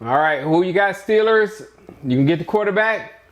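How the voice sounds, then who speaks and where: A man casually reacting out loud to a sports draft, laughing often and swinging between disbelief and grumbling. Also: high-pitched, moderate pace. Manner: animated, laughing, jumps between shock and grumbling. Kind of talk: casual live reaction chat.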